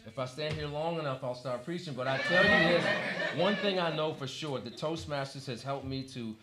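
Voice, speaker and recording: Over a noisy crowd, a man from Washington, D.C., who presides over a Toastmasters club, gives a motivational speech in a church hall a little fast and a little high. He tells humorous stories and closes like a preacher, the echoey hall carrying faint noise.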